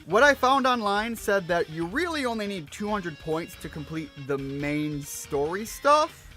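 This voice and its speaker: A man's voice: high-pitched, sing-song, unhurried, pushed and bright, soft background music. A man streaming a video game, chatting casually as he plays, rambling with fillers and self-deprecating asides. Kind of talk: let's-play commentary.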